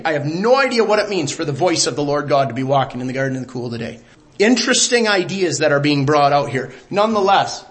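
A male preacher with a fairly high voice delivers a sermon. He talks emphatically, sinking to a near hush before rising again. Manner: emphatic, drops to a hush then rises.

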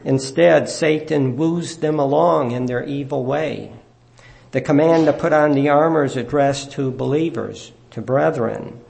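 Gravelly-voiced man preaching. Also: medium pitch, darkish tone. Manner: measured, earnest teaching delivery. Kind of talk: sermon.

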